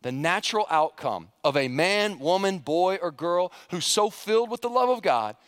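A man's voice: high-pitched, animated, moderate pace, fairly bright tone, dry recording, studio quality. A male pastor preaching a sermon, telling stories with animation and putting questions to the congregation.

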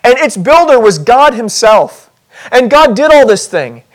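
A male pastor with a high voice delivers a lively sermon in a church. He talks with humor and jumps into quick acted scenes to make his point. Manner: animated, acts out voices in scenarios, self-deprecating humor.

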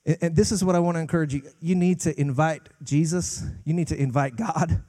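A man, a guest pastor, preaching a sermon with passion, climbing to loud peaks and dropping to hushed lines. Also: fairly high pitch, brisk.

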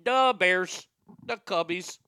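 A man voicing a loud, boastful sports fan with a put-on Chicago accent. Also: high voice, slow pace, clean tone, exaggerated voice.

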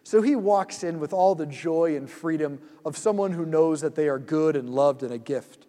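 Gentle guy leading a guided prayer meditation, slow and hushed, echoey church hall. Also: fairly high pitch. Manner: gentle, slow and soothing, drops to a hush.

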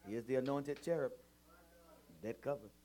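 A Bible study participant who answers the teacher with quiet, short affirmations and echoes of her words. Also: medium pitch, moderate pace.

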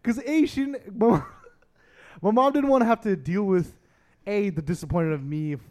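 Young male podcast co-host, 20s, lively storyteller, slightly higher register. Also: moderate pace. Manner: animated storyteller, mimics his parents in exaggerated voices. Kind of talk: casual chat.

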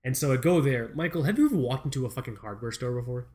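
An American man of middle pitch hosts a podcast and spins a rambling comedic yarn. He swears freely and pokes fun at himself as he goes. His delivery is animated and casual. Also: very fast. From United States. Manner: profane, rambling, self-mocking, animated. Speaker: podcast host. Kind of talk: comedic storytelling.

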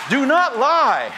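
A man's voice: very high-pitched, very noisy. A man preaching a humorous sermon as a pastor and marriage counselor, telling stories and acting out the people in them. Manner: storytelling, animated, acts out quoted people.

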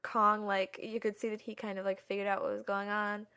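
A woman shares her feelings about a film in a hesitant, meandering way. She fills her sentences with ums and likes. The conversation is relaxed and informal. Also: mid-range voice, fairly quick, smooth. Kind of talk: casual film discussion.

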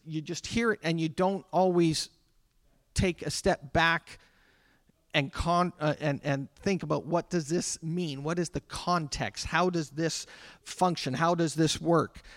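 A man's voice: a little high, no echo. A man preaching a sermon to his congregation in a conversational way, with asides to the people in the room. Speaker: pastor. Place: church sanctuary.

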